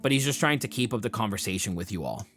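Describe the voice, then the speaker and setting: A man narrating a tabletop game as game master in a relaxed, conversational way. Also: lowish voice, fast talker, soft background music.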